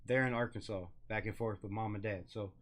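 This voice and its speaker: A middle-aged man from California with a slight Southern country twang, hosting a casual livestream and talking in excitable, profane, slangy banter. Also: fairly low pitch, a little fast. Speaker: livestream host.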